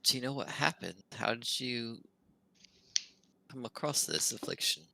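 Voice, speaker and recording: A man playing a wizard in a tabletop game, talking in character in an earnest, halting, curious way. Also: mid-range voice, lively intonation, creaky, sharp tone. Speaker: player. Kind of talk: in-character tabletop role-play.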